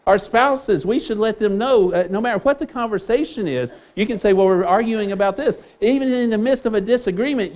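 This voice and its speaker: Male preacher, high-pitched, earnest, restarts a lot. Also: a little mellow. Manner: earnest, with repeated words and restarts. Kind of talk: sermon.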